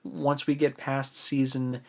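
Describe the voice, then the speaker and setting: Man, podcast co-host, casual chat, easygoing, enthusiastic, joking, middle pitch. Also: flat delivery, takes it slowly, creaky, a little mellow.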